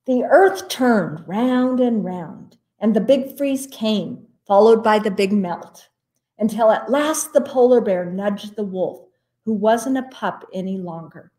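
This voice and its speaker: Slow-reading woman librarian at story time. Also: mid-range voice. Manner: slow, expressive read-aloud. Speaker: children's librarian.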